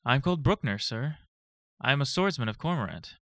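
A man's voice: mid-range voice, animated, fairly quick, sharp tone, no room sound, clean studio sound, voice pushed up. A man doing an earnest young swordsman. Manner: polite, earnest, respectful.

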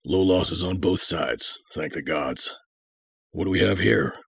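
A man doing a stoic, husky old-soldier general. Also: deep voice, measured pace, a bit bright, dry recording, exaggerated voice. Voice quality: potent, stoic, dry. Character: regal stoic male general, commanding.

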